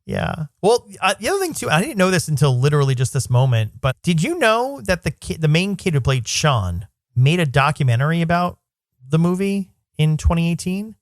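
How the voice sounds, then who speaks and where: A man's voice: a little high, very animated, a little fast, dry recording, clean studio sound. A man co-hosting a podcast in casual chat, thoughtful and rambling as he thinks aloud. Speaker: podcast co-host.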